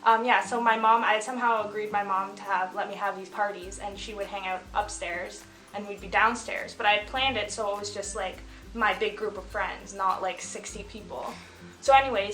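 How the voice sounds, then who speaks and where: A woman's voice: medium pitch, fairly bright tone. A woman in her twenties casually telling a story, chatty and full of fillers, often laughing as she talks. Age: 20s. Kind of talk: casual story time chat. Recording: echoey room with faint music.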